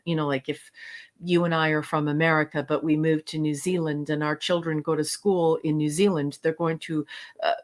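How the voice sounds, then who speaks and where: A woman co-hosting a podcast, chatting casually through a review, halting with frequent fillers and restarts. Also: deep voice. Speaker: podcast co-host. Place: lives in Canada.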